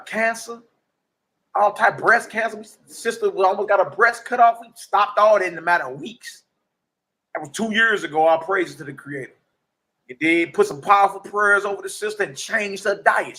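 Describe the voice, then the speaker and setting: On a livestream, a man in his forties with a high-pitched voice testifies in a casual, preachy style. Slang flows freely, his energy is animated, and "you dig?" comes up often.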